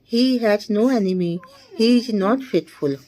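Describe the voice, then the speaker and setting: A woman's voice: medium pitch, dark tone, a little hiss or hum, poor audio. A woman, a tutor reading short practice sentences one by one. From India. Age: 20s. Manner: slow, deliberate reading of short sentences with small laughs. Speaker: English tutor.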